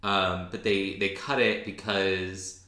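A lowish, bright-voiced man talks through a TV episode in a loose, animated way, stopping and restarting his sentences. The room around him gives off a clear echo. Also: slow pace. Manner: chatty, animated, frequent restarts and ums. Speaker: podcast co-host. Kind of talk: casual recap chat.

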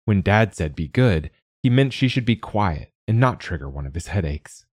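A man narrating a children's story in a measured, gentle reading. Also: on the low side, big pitch swings, breathy edge, no room sound, studio quality.

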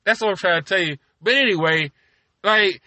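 A man's voice: high voice, normal speed, bright, forceful tone, no room sound. A man hosting a podcast from his car, rambling casually and profanely, constantly asking "you know what I'm saying". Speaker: podcast host.

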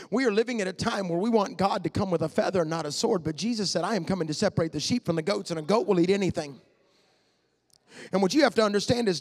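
A man, repeating phrases and building to shouts. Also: high-pitched, breathy edge. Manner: impassioned, repetitive, rising to shouts. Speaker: preacher. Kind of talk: sermon.

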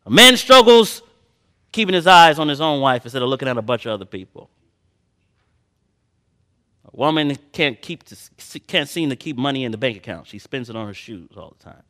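Bright-voiced preacher man, loud then hushed. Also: mid-range voice, lively intonation. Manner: swings from loud emphatic preaching to quiet personal asides; slow drawn-out Bible reading. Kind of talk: sermon.

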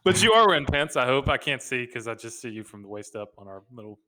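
A man's voice: medium pitch, very animated, fast, bright, forceful tone. A man co-hosting a podcast, chatting casually in an upbeat way with many fillers over a video call. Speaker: podcast co-host.

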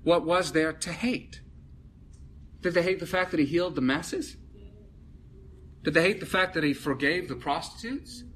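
A man's voice: on the high side, normal speed, pauses often, fairly bright tone, a little hiss or hum. A man preaching a sermon, emphatic, building with repetition and rhetorical questions.

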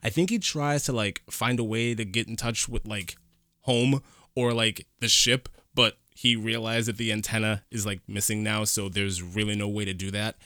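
A man's voice: on the low side, fairly even intonation, moderate pace, sharp tone, no echo, clean studio sound. A man reviewing a movie in casual chat, retelling scenes in detail.

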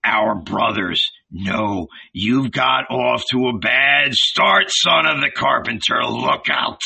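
A man's voice: medium pitch, slow pace, creaky, bright, forceful tone, breathy edge, distant mic, heavily acted, low-quality recording. A man voicing Judas, a bitter, scornful red-bearded male zealot who grumbles, in a storybook reading. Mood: grumbling scornful.

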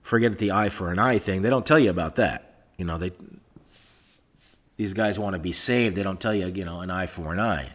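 Speaking a little fast in a low voice, a lone podcast host rambles through a monologue full of sarcasm and swearing. He records into a laptop via microphone in a soundproofed room.

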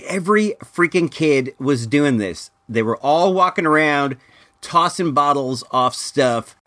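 A man hosting a casual podcast, reviewing a movie and telling stories in a rambling, filler-heavy way that turns animated in anecdotes. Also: on the high side, unhurried. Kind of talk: casual comedic storytelling and review.

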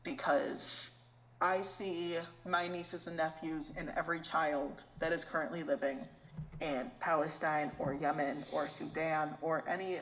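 A woman's voice: low-pitched, poor audio. Earnest woman guest, faint background hum. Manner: earnest, heartfelt. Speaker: podcast guest. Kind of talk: casual podcast chat.

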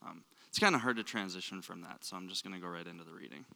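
A man's voice: low-pitched, very fast, vocal fry, bright, forceful tone. A man with a Minnesota accent leading a church service, reading a poem and praying, with casual joking asides and frequent ums. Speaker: director of student ministries. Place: church sanctuary. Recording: long hall reverb in a church.

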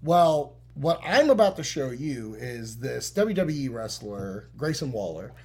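A man's voice: mid-range voice, big pitch swings, unhurried, darkish tone. A man co-hosting a podcast, talking casually and rambling with lots of fillers. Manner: rambling, heavy use of "like". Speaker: podcast co-host. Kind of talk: casual chat.

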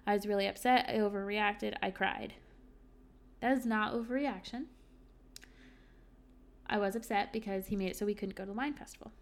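A woman's voice: medium pitch, moderate pace, pauses often. A young woman hosting a solo podcast, chatting candidly and reading from her journal with lots of ums and likes. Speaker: podcast host.

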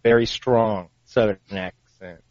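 A man's voice: fairly low pitch, steady tone, takes it slowly, a little mellow, no room sound. A man co-hosting a casual chat podcast, telling rambling, profane stories full of quoted back-and-forth. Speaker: podcast co-host. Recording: dull lo-fi dry sound.

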